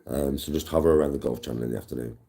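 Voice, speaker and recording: A man's voice: a bass voice, fairly even intonation, very fast, gravelly, dark tone. A man, chatting casually on a live stream, swearing freely and greeting viewers. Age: 40s. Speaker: livestreamer.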